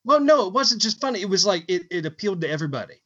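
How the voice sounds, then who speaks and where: A man co-hosting a podcast, cracking quick jokes in casual chat. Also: sits high, sing-song, fairly bright tone, muffled recording. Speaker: podcast co-host.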